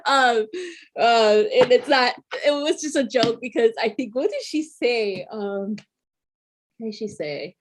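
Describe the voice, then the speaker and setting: A woman's voice: fairly high pitch, lively intonation, unhurried, slight background noise. A woman talking casually to viewers as a tarot reader, chatty, with lots of fillers and frequent laughter.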